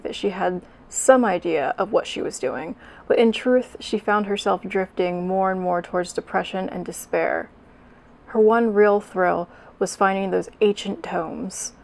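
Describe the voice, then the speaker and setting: A woman's voice: mid-range voice, vocal fry, a little mellow. A woman hosting a video, mixing wry, sarcastic commentary with reading a story aloud. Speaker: fanfic reading host.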